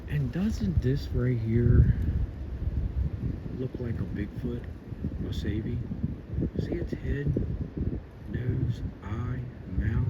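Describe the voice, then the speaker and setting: A man's voice: mid-range voice, animated, extremely slow, long pauses, lo-fi sound. A man walking outdoors in the woods, filming on a phone and talking casually, rambling and apologizing as he goes. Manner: rambling, apologetic, self-questioning. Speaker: outdoor vlogger. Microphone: handheld phone. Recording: loud wind and outdoor noise on phone mic.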